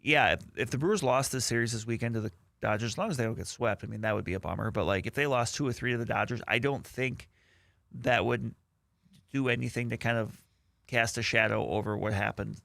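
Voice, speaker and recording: A man co-hosting sports radio in a bright, forceful voice at a middle pitch. He gives measured, analytical takes, padded with "like" and "you know". The studio sound is close and dry. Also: gravelly, no echo. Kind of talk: casual sports talk.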